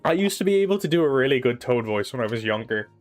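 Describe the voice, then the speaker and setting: A man's voice: mid-range voice, expressive, quick pace, soft background music. Chatty young man streaming a race. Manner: rambling, chatty, swears casually. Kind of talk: casual live gameplay chat. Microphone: desk microphone.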